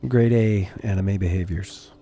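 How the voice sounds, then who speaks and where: A man's voice: low voice, fairly even intonation, unhurried, warm tone, soft background music. A man streaming a game and chatting casually with viewers in a blunt, profane, rambling way. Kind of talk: casual chat while gaming.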